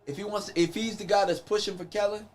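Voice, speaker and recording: A man with a fairly high voice trades blunt opinions in a casual football chat. He speaks plainly and gets straight to his point. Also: fairly even intonation, quick pace.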